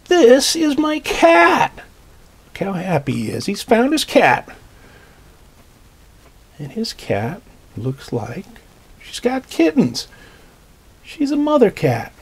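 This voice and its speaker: A man reading a picture book aloud to children, gently explaining the pictures as he goes. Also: high voice, wildly swooping pitch, takes it slowly, pauses often, slightly rough. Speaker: storytime reader.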